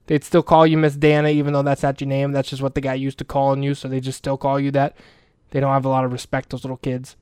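A man's voice: mid-range voice, completely flat delivery, quick pace, darkish tone, clear, resonant tone, dry recording, studio quality, natural voice. A man playing a crude, lovesick older school janitor who rambles earnestly and swears a lot in a comic monologue. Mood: lovesick rambling. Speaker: comedic character monologue.

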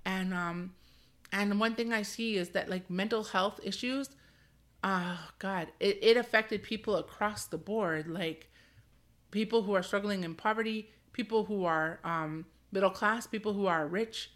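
A woman's voice: mid-range voice, a little slow, a bit bright. A woman from Canada, probably in her thirties, hosting her own podcast in a candid, rambling way, laughing often and filling with "like". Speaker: podcast host. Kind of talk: casual solo podcast talk.

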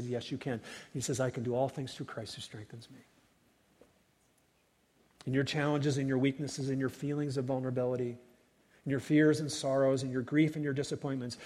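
A man preaching a sermon as pastor, rising to loud cries and falling to hushed whispers. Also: medium pitch. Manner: dynamic preaching, swells loud then drops to whispers. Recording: long hall reverb.

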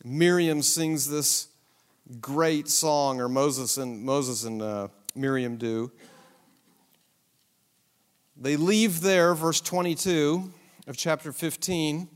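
A man's voice: on the high side, fairly even intonation, slow, pauses often. Man, Bible survey lesson, rhetorical questions, asides, echoey hall. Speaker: Bible teacher.

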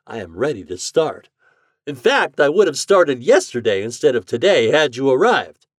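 A man reading an audiobook voices a cheerful, eccentric scientist who lectures with drawn-out emphatic stresses. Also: medium pitch, big pitch swings, dry recording, studio quality, voice pushed up. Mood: earnest. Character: eccentric male scientist, cheerful self-declared mad genius.

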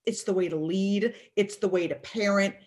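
A woman's voice: mid-range voice, normal speed, a little mellow. Emphatic woman giving motivational talk. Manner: emphatic, acts out quoted thoughts. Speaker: guest speaker.

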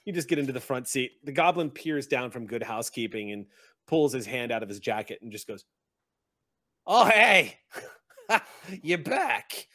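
Guy running a tabletop game, relaxed vivid narrating, mid pitch. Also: fast talker. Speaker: game master.

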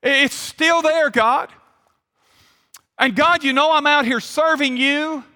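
A man's voice: very high-pitched, a little fast, pushed and bright, voice pushed up, exaggerated voice. A man preacher acting out a man pleading earnestly with God, voice raised. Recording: long hall reverb.

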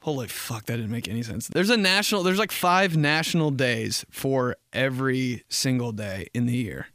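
Bright-voiced profane young man ranting. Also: mid-range voice, animated, moderate pace, dry recording, clean studio sound. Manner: profane, exasperated, jumps into acted voices. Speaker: podcast host. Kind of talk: comedic rant.

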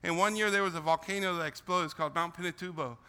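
An older man, raised in the Philippines, shares his missionary story with students in an earnest, repetitive way, often circling back over his words. His voice sits high and sounds very bright and forceful. The sound carries a long reverb from a large hall. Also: fairly even intonation, fast talker, clean tone. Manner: emotional, repetitive storytelling with restarts. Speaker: missionary speaker. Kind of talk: testimony talk to students.

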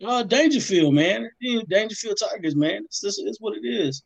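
A man on a sports chat panel, animated and joking. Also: high-pitched, normal speed, creaky, husky, rough recording. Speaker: podcast panelist.

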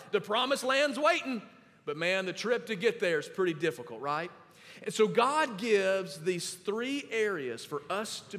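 High-voiced pastor preaching. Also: male voice, a bit bright, big-room sound. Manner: emphatic, instructing the congregation to underline verses. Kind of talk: sermon.

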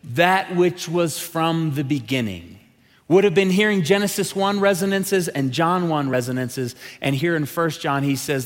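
A fairly high-voiced male pastor preaching to a church. He tells his stories with energy and acts out the people in them. His voice rings with the long reverb of a big sanctuary. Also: measured pace. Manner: lively, animated storytelling with quoted characters. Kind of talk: sermon.

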